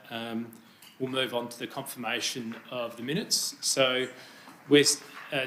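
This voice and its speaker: A man runs a council committee meeting with brisk, polite procedure. His voice is bright and forward. The roomy chamber adds a noticeable echo, with faint ambience behind him. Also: mid-range voice, slight background noise. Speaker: committee chair. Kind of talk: formal meeting chairing.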